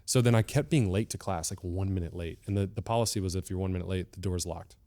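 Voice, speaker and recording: Animated male podcast host telling stories. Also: low-pitched, fast. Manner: animated, acts out quoted voices. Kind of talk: casual interview storytelling.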